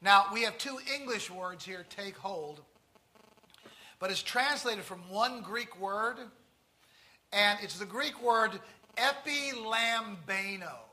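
A man with a Tennessee accent preaching a sermon, stressing key words slowly and turning to the congregation with folksy asides. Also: sits high, sharp tone. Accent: Southern US, Tennessee.

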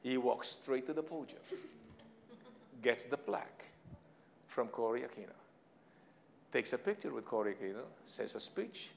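A man's voice: medium pitch, normal speed, vocal fry, pauses often, slight background noise. Theatrical Filipino man telling stories. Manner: theatrical storyteller, chuckles at his own jokes, mixes in Tagalog phrases. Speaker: speaker on leadership. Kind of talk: humorous motivational talk with personal stories.

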